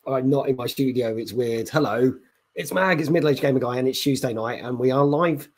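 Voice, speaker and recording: A middle-aged man hosting a live gaming chat stream from a hotel room, keeping his voice down while greeting viewers and reading their messages. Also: medium pitch. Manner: deliberately quiet, chatty, reading out chat messages. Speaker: gaming podcast host.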